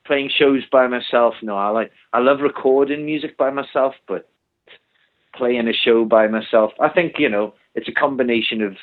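A man's voice: medium pitch, moderate pace. A male musician as a guest in a casual interview, talking hesitantly and trailing off mid-thought. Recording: tinny phone-like line.

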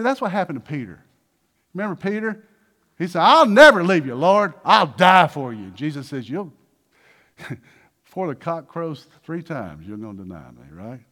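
Preaching with lots of energy in a voice on the high side, this male pastor stages small dialogues. His delivery alternates between loud outbursts and quiet, hushed stretches.

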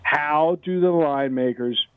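A man's voice: on the high side, slow pace, clean tone, no room sound. A man from Seattle hosting a sports betting radio show, talkative and insistent as he explains his points. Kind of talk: casual radio banter. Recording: dry phone-line sound.

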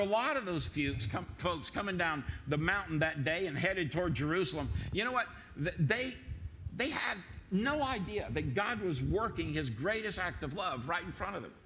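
A man's voice: fairly high pitch, a bit bright, a little hiss or hum. A man preaching a sermon as pastor in a church, telling folksy stories and repeating phrases for emphasis. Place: church sanctuary.

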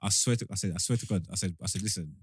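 A young man telling a story in casual chat, animated and slangy, often laughing and acting out quotes. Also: low voice, very fast, slight background noise.

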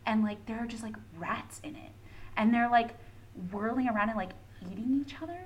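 A young woman co-hosting a podcast, retelling a story excitedly with lots of fillers and swearing. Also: a little high, a little fast, rough recording. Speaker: podcast co-host. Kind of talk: casual fandom chat.

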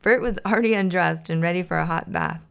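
Woman host, playful storybook reader, slightly gravelly voice. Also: lowish voice, fast talker. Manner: playful, laughs to herself. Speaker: podcast host. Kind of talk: reading a children's storybook aloud.

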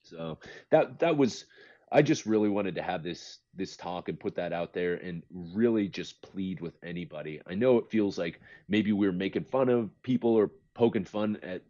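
Male podcast co-host, deep voice, earnest and pleading, muffled lo-fi audio. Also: moderate pace, dark tone. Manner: impassioned, pleading, repeats himself. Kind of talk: casual chat.

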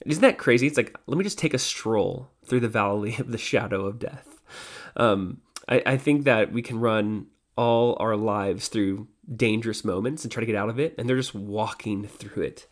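A man's voice: on the low side, normal speed. Man giving casual Bible teaching. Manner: casual, with fillers and self-corrections. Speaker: devotional podcast host.

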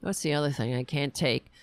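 A woman hosting a ranting political commentary show, sarcastic and exasperated, and her voice is going hoarse. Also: deep voice, no room sound. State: losing her voice.

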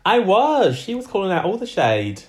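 A man co-hosting a podcast in casual chat, playful and quick with his remarks. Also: sits high, huge pitch swings. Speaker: podcast co-host.

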